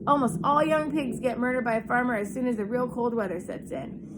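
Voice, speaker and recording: A woman's voice: a little high, brisk, noisy background, natural voice. A woman putting on a blunt old ewe. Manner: blunt, matter-of-fact gossiping. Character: old female sheep, blunt and snappish.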